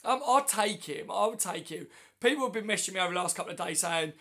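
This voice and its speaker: A man with a hoarse, flu-worn voice hosting a casual fan livestream on his phone, chatting matily and answering viewer comments one by one. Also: high voice, lively intonation, fast talker, pushed and bright. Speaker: livestream host.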